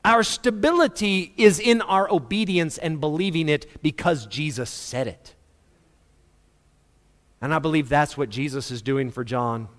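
Animated preacher in a reverberant hall. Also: male voice, a little high, unhurried. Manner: animated, acts out dialogue, laughs at own stories. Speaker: pastor. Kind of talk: sermon.

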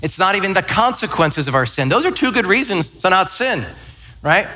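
A man's voice: high voice, sing-song, normal speed, sharp tone. A man in his thirties, a pastor, preaching a sermon in a church in a conversational, storytelling, self-deprecating way. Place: church sanctuary.

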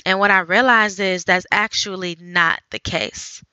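A woman hosting a faith podcast, talking earnestly in a conversational way, thinking out loud. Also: mid-range voice, fairly even intonation, measured pace, dry recording, highs cut off. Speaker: podcast host.

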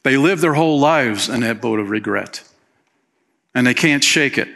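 A man's voice: mid-range voice, lively intonation, moderate pace, creaky, a bit bright. A male pastor preaching a sermon in a conversational way, often tossing in "man" and acting out quotes. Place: church.

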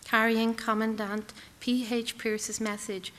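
Bright-voiced woman reading dramatic prose. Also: fairly high pitch, level tone, long reverb tail. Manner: measured, intense, clipped phrases. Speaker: reader.

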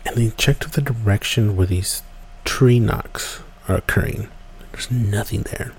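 Low gravelly man telling a campfire tale. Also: moderate pace, a little hiss or hum. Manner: relaxed, rambling, drops to hushed whispers for tension. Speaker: podcast storyteller. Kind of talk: casual spooky storytelling.

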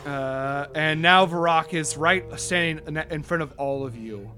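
A man's voice: fairly high pitch, measured pace, pushed and bright. Hesitant man narrating as game master. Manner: hesitant, full of "uh" fillers. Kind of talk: narrating a tabletop horror game. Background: background music.

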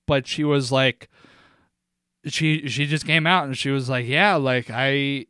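A man's voice: mid-range voice, fairly even intonation, takes it slowly, bright, forceful tone, clean tone, no echo, clean studio sound. A young man co-hosting a podcast, telling rambling stories and laughing often. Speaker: podcast co-host. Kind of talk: casual chat.

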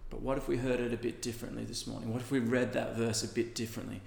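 A man's voice: medium pitch, flat delivery, fast talker, creaky, darkish tone. Man preaching in an echoey hall. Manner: conversational, earnest preaching with casual asides. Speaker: pastor. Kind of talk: sermon. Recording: echoey hall with long reverb.

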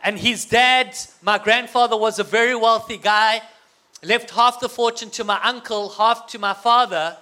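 A man's voice: high voice, fairly even intonation, moderate pace, bright, forceful tone. A man with a South African accent telling a humorous personal story to an audience, getting the crowd to call back. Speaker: guest speaker.

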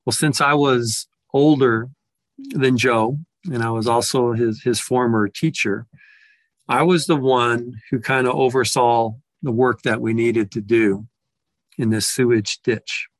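A man's voice: medium pitch, fairly even intonation, a little slow, no room sound. Reflective man telling a personal story. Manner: reflective, with frequent restarts and repeated words.

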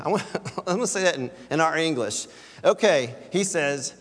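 A pastor delivers a sermon in a large hall, his voice on the high side with a fairly bright tone at a moderate pace. He speaks conversationally, putting scripture into everyday words.

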